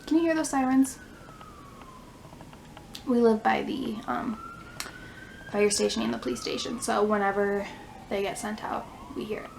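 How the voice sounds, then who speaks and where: A woman's voice: on the high side, moderate pace, gravelly, long pauses, a little mellow, a little hiss or hum, low-quality recording. A young woman, a stay-at-home mom, chatting casually in a vlog, a little out of breath and full of "like" fillers. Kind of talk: casual pregnancy update vlog. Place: home near a fire station.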